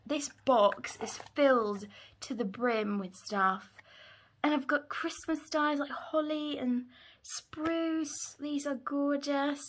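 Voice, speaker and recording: High, bright-voiced young woman gushing. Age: 20s. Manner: gushing, excitable, thankful. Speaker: crafting channel host. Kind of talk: casual unboxing chat.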